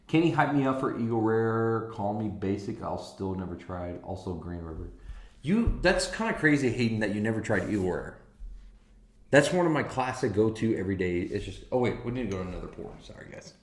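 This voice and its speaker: Male stream host, lowish voice, relaxed chatty delivery, keen and foul-mouthed, echoey room sound. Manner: enthusiastic, swears, talks to chat viewers. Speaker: whiskey livestream host. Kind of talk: casual live-stream chat.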